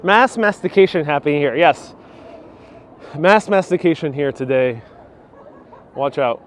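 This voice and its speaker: Slightly high-voiced and unhurried, with lively intonation, a man hosts a live walking tour down a city street. He's chatty and relaxed, reading viewer comments as he walks, his wireless clip-on mic picking up some chatter and light background noise.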